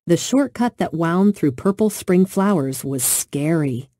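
Reading a children's story, this female narrator sounds gentle and expressive, keeping a measured pace with few pauses. Her voice is low-leaning, dark, and mellow, and the audio is close and dry without any room sound.

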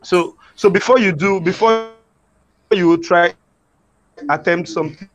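Halting man, muffled lo-fi sound. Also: high voice, over music. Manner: halting, many restarts and fillers. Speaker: guest opera singer. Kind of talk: conversational interview answers.

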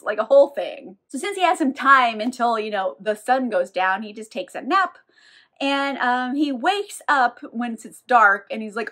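Wry high-voiced woman recapping a book. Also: animated, normal speed, fairly bright tone. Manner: wry, swearing, laughing asides. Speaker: book reviewer. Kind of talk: casual sarcastic book recap.

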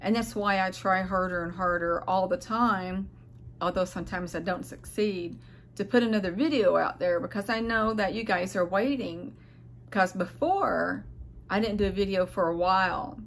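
A woman's voice: mid-range voice, normal speed, a little hiss or hum. A tired, unwell middle-aged woman speaking to her viewers in a rambling, hesitant, heartfelt vlog monologue, often searching for words. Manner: earnest, heartfelt address to viewers. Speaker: vlogger. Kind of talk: casual personal vlog monologue.

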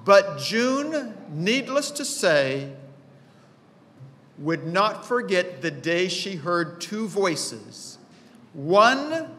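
Slow-speaking pastor, high bright voice. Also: male voice, big pitch swings. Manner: storytelling, acts out quoted voices with rising pitch. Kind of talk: sermon. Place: church auditorium. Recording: long hall reverb in auditorium.

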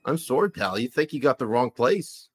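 A man with a mid-range, sing-song voice and a moderate pace plays a polite, baffled Canadian trucker protester, putting on a Canadian accent. He sounds polite and puzzled, forever apologizing and saying "sorry" and "eh."

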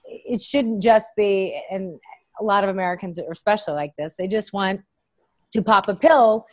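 A woman's voice: medium pitch, moderate pace, a little mellow. A woman co-hosting a casual talk show, speaking in an emphatic, chatty way. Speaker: co-host.

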